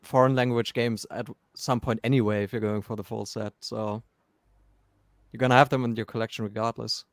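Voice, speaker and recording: A man's voice: mid-range voice, flat delivery, a little fast, no room sound. A man on a podcast giving brief, matter-of-fact answers. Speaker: podcast guest. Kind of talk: casual podcast chat.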